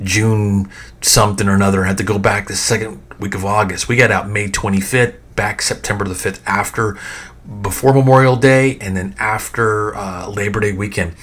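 A middle-aged man hosting a podcast, telling nostalgic stories in a rambling, animated way full of fillers and restarts. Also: on the low side, normal speed. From American South. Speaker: podcast host. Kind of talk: casual nostalgic storytelling.

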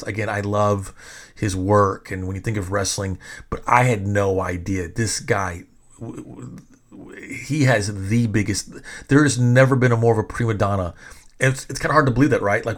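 A middle-aged man with a somewhat low voice tells a long story in a loose, casual way. He rambles and restarts often, swears freely and acts out what other people said. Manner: rambling, profane, with many restarts and quoted voices. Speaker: storyteller recalling wrestling events.

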